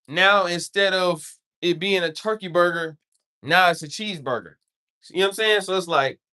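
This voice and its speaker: This livestreamer rambles casually, keeps checking in with viewers, and says "you know what I'm saying" over and over. The voice sits at a medium pitch with a bright, forceful tone.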